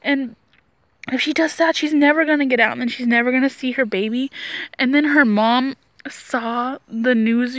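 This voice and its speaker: A woman's voice: high voice, a bit bright, dry recording. A young woman vlogger rambling emotionally through a casual TV review, full of "like" and "you know".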